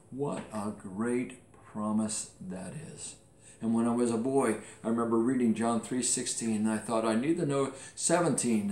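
Low-voiced man preaching in an echoey room. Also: a little mellow. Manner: earnest preaching with slowed emphatic phrases. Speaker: pastor. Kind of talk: sermon.

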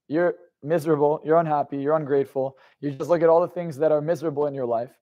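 A young adult man telling stories as a confidence coach, moving from low, confiding narration into loud, emphatic bursts and swearing freely. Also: expressive, fast. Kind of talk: motivational storytelling monologue.

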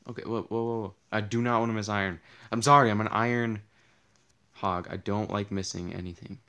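A man's voice: fairly low pitch, steady tone, brisk, fairly bright tone, clear, resonant tone. Tired young man, losing his voice. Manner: rambling, self-mocking, easily startled. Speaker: gaming channel host. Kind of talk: casual Let's Play commentary.

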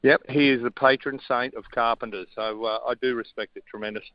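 A man's voice: mid-range voice, fairly even intonation, brisk, no room sound, dull audio. A man with an Australian accent, a radio guest, joking casually in a wry, dry-humoured manner. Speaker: radio guest, breakfast host.

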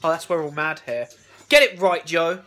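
A man talking casually into a handheld camera for his travel vlog, excitable and swearing freely. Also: on the high side, moderate pace. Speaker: vlogger.

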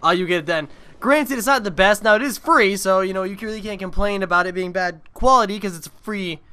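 A man's voice: sits high, fairly quick, pushed and bright, clear, resonant tone. A young man giving casual gameplay commentary on his own video, rambling and swearing freely. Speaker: gaming video creator.

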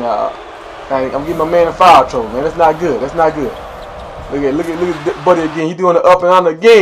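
A man's voice: a little high, a little hiss or hum. A young man giving casual, slangy, playful commentary over his own gameplay, hyping up the plays. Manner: animated, slangy, playful hype.

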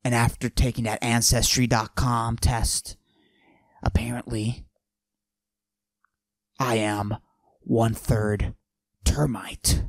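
A man doing a cocky macho character who forces his voice deep and breathy, in a comedic podcast monologue. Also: level tone, slow pace, pauses often. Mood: swaggering. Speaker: podcast host.

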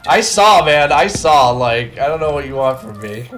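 A man co-hosting a let's play, joking around, swearing and yelling at the screen. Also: on the high side, lively intonation, normal speed, faint music behind. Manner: loud joking outbursts, swears freely. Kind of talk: casual gaming chat.

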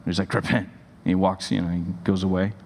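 A pastor telling stories in a sermon, animated and rambling with many fillers. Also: male voice, low-pitched, fairly quick, big-room sound. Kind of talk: sermon storytelling. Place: church hall.

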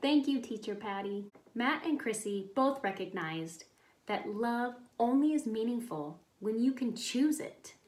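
A woman's voice: on the high side, lively intonation, unhurried, a little mellow. A woman teaching a children's Bible lesson, patient and kindly, often asking the children questions. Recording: echoey room.

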